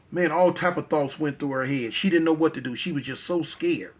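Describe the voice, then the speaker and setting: A man's voice: on the high side, a little fast, hardly any pauses. A male storyteller telling a dramatic tale in a conversational, repetitive way.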